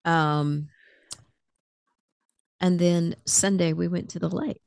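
A woman's voice: fairly low pitch, fairly even intonation, slow pace, creaky, darkish tone, clean tone, no echo, studio quality. A middle-aged woman co-hosting a podcast, chatting casually with wry, understated storytelling. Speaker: podcast co-host. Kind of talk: casual chat.

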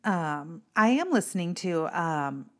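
A woman co-hosts a relaxed podcast and keeps the chat going with quick reactions and questions. Her voice sits a little low for a woman. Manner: chatty, reacts with quick exclamations. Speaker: podcast co-host. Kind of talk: casual chat.

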